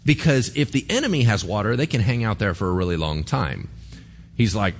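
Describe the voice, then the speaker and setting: A man preaching a sermon in a lively conversational way, asking the congregation rhetorical questions. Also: lowish voice, normal speed. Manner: animated, conversational, asks the crowd rhetorical questions. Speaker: pastor.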